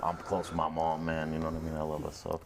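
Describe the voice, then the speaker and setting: A man's voice: rumbling low, completely flat delivery, fast, creaky, background noise. A man hosting a podcast, asking loose, rambling questions in casual speech with slang. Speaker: podcast host.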